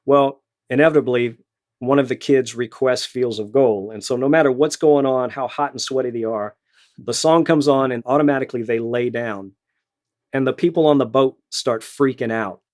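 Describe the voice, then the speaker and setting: A man's voice: mid-range voice, moderate pace, a little mellow. Middle-aged Louisiana man, retired band director, rambling friendly storyteller. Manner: storytelling, many repeated words and fillers. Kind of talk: casual interview answers.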